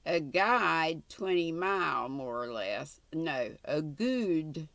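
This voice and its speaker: An older woman voicing a sulky old country man who carries a lantern, speaking in a gruff, grudging voice with a put-on Scottish-sounding accent. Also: low-pitched, fairly bright tone, no echo, full character voice. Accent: attempted Scottish. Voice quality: gruff, growling. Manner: slow, grudging, broad rural dialect.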